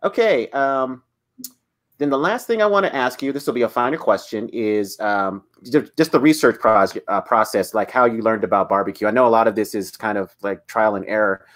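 A man's voice: lowish voice, moderate pace, fairly bright tone. A man moderating a panel discussion, asking questions in a friendly, conversational way.

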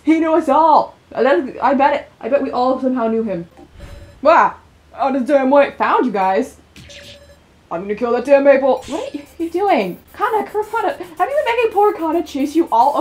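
A young woman doing let's play commentary on a horror visual novel. She jumps easily, laughs often and talks back to the characters. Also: sits high.

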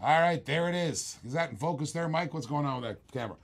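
A man's voice: a little high, lively intonation, quick pace. A man hosting a live-streamed auction, calling bids in a chatty, joking way and repeating each bid.

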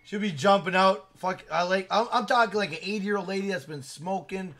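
Bright-voiced profane gaming streamer. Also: male voice, high voice, a little fast. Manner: profane, joking, reads out chat messages. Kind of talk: casual live-stream chat.

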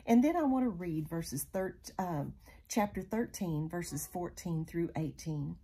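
Woman teaching bible study, kinda halting, lots of ums, low-ish mellow voice, really husky. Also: expressive. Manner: hesitant, many fillers and restarts, paraphrasing scripture.

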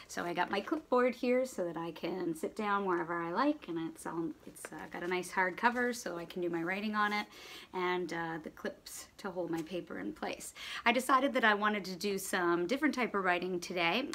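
A woman teacher at home giving a writing lesson to young children, slowly sounding out letters and sounds. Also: mid-range voice, a bit bright. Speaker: primary school teacher.

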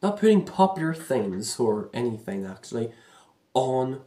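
A man's voice: mid-range voice, sing-song, a little slow, dark tone, reverberant. A man ranting casually to camera, exasperated and complaining, rambling and repeating himself with many restarts. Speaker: vlogger.

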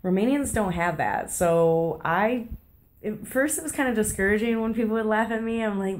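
A woman's voice: medium pitch, normal speed. An American woman talking casually in a confessional travel vlog from her apartment kitchen, chatty and self-deprecating, with lots of fillers and restarts. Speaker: travel vlogger.

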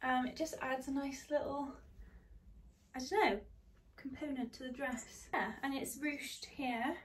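A young woman describing dresses in a relaxed, hesitant way with many ums. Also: sits high, unhurried. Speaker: fashion vlogger. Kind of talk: casual haul chat.

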